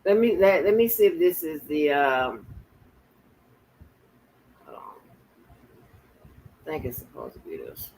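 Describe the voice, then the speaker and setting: A man chatting casually as he cues up the next clip, his voice pitched a little high. He speaks slowly, laughs often and restarts his sentences. A faint hiss of background noise sits under him. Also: wildly swooping pitch, creaky, a little mellow, rough recording. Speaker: host reacting to a story. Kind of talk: casual reaction chat.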